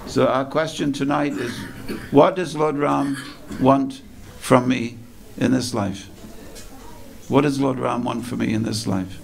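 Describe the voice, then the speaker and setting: Male preacher, gravelly tone, storytelling sermon in a temple hall, unhurried and repetitive. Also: medium pitch, steady tone. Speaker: speaker at a temple festival.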